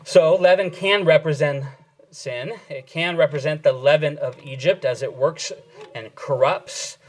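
A male pastor giving an earnest sermon lesson, pausing and restarting as he explains, then leading a prayer. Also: fairly high pitch, rough recording. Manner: earnest teaching with frequent fillers and restarts. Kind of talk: sermon teaching and closing prayer.

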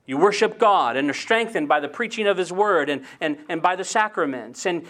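A man's voice: on the high side, fairly bright tone. A man preaching a sermon in an earnest way, often repeating words and asking rhetorical questions.

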